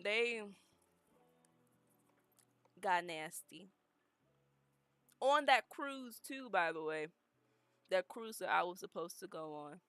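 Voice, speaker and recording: A young woman streaming and telling a story in a casual, animated, emphatic way. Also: lowish voice, slow pace, pauses often, no echo, faint music behind. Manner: animated, emphatic, dramatic retelling.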